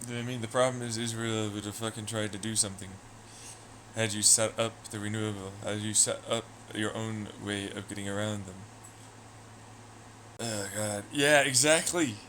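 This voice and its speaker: A man's voice: lowish voice, little pitch movement, moderate pace, fairly bright tone, a little hiss or hum. A man streaming live, chatting loosely with viewers, swearing and trailing off into asides. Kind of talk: casual rambling chat.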